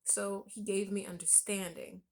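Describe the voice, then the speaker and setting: A woman vlogger telling a personal story in a relaxed, conversational way. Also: medium pitch, measured pace. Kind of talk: storytelling vlog.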